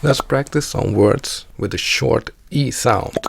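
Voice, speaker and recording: A man teaching a pronunciation lesson in a deliberate, explanatory way. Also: medium pitch, vocal fry, very noisy. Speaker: language teacher.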